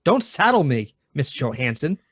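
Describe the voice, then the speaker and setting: A man's voice: a little high, big pitch swings, normal speed, fairly bright tone, breathy edge, no room sound, studio quality, heavily acted. A man voicing an indignant, petulant four-year-old superpowered boy in a tabletop game.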